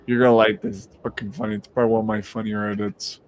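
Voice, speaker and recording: A man casually telling stories on a live stream call, animated and swearing freely. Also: fast talker, a little hiss or hum. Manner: animated, acts out quotes in a high mocking voice, swears freely. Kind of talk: casual storytelling chat. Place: home.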